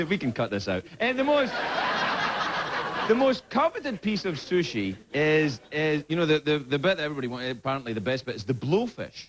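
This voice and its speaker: A man's voice: fairly high pitch, sing-song, a little fast, a loud crowd. A Scottish man, a late-night talk show host, delivering a rambling comedy monologue with lots of stammering restarts. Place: TV studio. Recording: loud background noise.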